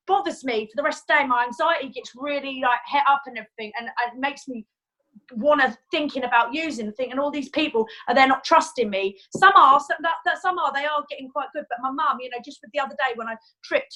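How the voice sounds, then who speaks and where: A woman from the United Kingdom asking a question on a video call, agitated and rushing through her story with lots of fillers. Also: high voice, pushed and bright, poor audio. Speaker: group member asking a question.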